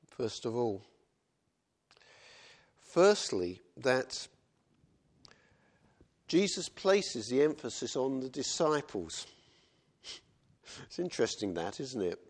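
A man gives a sermon in an easygoing, talkative way. His voice sits at an ordinary pitch, and he keeps checking in with his listeners through little tag questions. He sounds like a preacher talking things through rather than reading. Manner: conversational, with tag questions and acted quotes.

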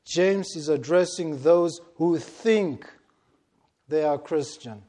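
A man delivering a sermon at an unhurried, measured pace, leaning hard on his key words and letting long pauses sit between phrases. His voice is mellow and dark in tone, pitched somewhat higher than most men's. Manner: slow, deliberate and emphatic, stressing key words with long pauses. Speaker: preacher.

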